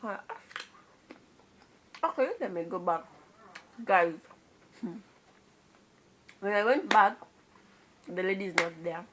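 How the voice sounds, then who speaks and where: With a mid-range voice, a slow pace and frequent pauses, a young Kenyan woman shares a story from when she was little. She's a vlogger speaking confidingly to viewers in a Kenyan accent, dropping Swahili words and saying "kai" often. Background noise can be heard.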